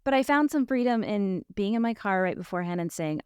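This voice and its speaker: A woman life coach hosting a casual podcast chat, speaking at a mid-range pitch. She talks in a candid, reflective way and often restarts her sentences. The sound is dry and close, with no room echo. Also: expressive, fast talker, few pauses, darkish tone, clear, resonant tone.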